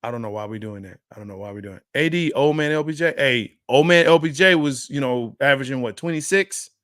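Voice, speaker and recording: A man's voice: mid-range voice, fast talker, a bit bright, dry recording. A man co-hosting a sports show, in a casual, joking, trash-talking chat with laughs. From Dallas area. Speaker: sports podcast co-host.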